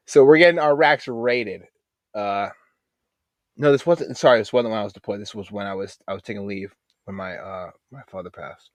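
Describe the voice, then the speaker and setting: Animated, profane male storyteller. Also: lowish voice, moderate pace, no room sound. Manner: animated, profane, acts out quoted voices. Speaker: guest, Navy veteran. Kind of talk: casual storytelling on a podcast.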